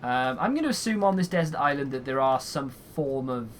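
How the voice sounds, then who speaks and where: Talking fairly quickly in a mid-range voice full of lively intonation, a young man games and answers questions from viewers. His chatter is casual, meandering, and sarcastic, broken up by frequent yawns, with faint noise in the background.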